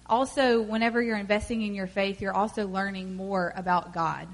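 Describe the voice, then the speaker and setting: Woman co-speaker, relaxed conversational sermon delivery. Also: mid-range voice, normal speed. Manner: chatty and relaxed, many fillers like "you know". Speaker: co-speaker in a church talk.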